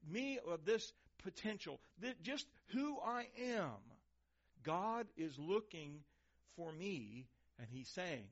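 A man preaching a sermon, swinging between loud emphasis and hushed, quiet lines. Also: sits high, sing-song, slow pace. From Texas, USA. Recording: dull lo-fi recording.

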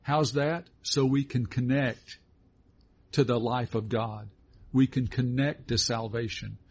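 Folksy middle-aged man, husky voice, dull lo-fi sound, encouraging Bible talk. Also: mid-range voice, steady tone, slow pace. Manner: folksy, affirming, reads scripture aloud. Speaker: co-host of a Christian teaching show. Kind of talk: conversational Bible teaching.

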